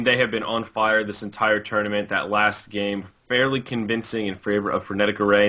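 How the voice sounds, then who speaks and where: A man casting an online esports match, giving fluent, energetic play-by-play commentary over a voice call. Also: on the low side. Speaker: esports caster.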